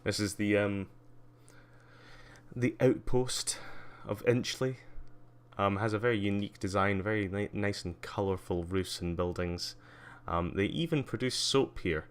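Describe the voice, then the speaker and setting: A man with a deep, smooth voice hosts a casual live-stream tour. He rambles loosely, leaning on ums and uhs, and drops in wry little asides. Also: unhurried. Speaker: livestreamer.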